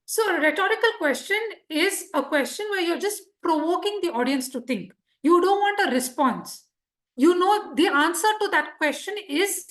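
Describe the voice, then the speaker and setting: A high-pitched woman runs a lively speaking workshop. She fires questions at the room and acts out short examples. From India. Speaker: public speaking trainer. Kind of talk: interactive workshop lesson. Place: club meeting room.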